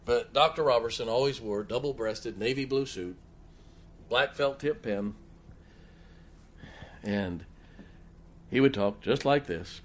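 A man's voice: mid-range voice, takes it slowly, long pauses. Folksy man preaching a sermon. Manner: folksy storytelling, rhetorical questions to the congregation. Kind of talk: sermon with personal stories.

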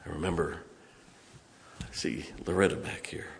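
A man preaching a sermon as pastor, telling stories from the pulpit and breaking into song and shouts. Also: rumbling low, fairly even intonation, normal speed, creaky, long reverb tail, slight background noise. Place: church sanctuary.

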